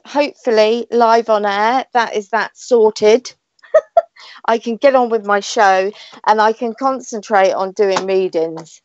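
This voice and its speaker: A British woman hosts a live internet radio show from home, chatting away in a loose, rambling manner with plenty of laughter. Her voice sits at an ordinary middle pitch. The sound is dull and lo-fi, yet dry and close, with no room echo. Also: a little mellow. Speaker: radio show host and psychic reader. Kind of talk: live online radio chat.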